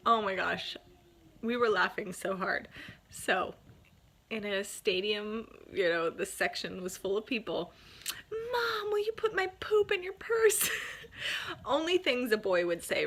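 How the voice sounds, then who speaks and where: A woman, a mom chatting casually with a bubbly, laughing, energetic manner. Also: medium pitch. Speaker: mom sharing family tips. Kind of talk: casual chat to camera.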